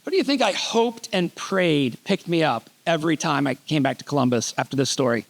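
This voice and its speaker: Lively high-voiced man giving a keynote. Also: fairly quick, vocal fry. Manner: animated, reads letters aloud, jokey asides. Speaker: keynote speaker. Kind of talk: storytelling keynote speech. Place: conference hall stage.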